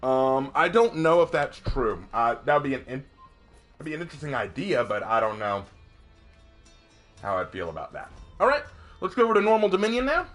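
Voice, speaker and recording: A man streaming gameplay, reading chat aloud and thinking out loud as he plays, chatty and quick to laugh. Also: medium pitch, soft background music. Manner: chatty, excitable, laughs often, talks to himself. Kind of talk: live gameplay commentary.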